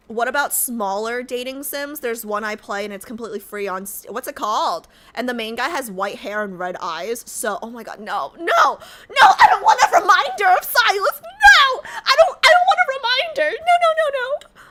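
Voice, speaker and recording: Lively, bright-voiced woman streamer. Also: medium pitch. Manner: rambling, heavy use of "like", flares into loud rants. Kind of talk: casual live-stream chat.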